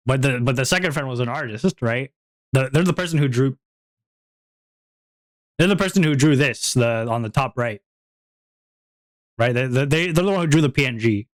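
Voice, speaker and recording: A man's voice: mid-range voice, moderate pace, pauses often, dry recording. A young man chatting casually on a stream, rambling, repeating himself and laughing often. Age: young adult.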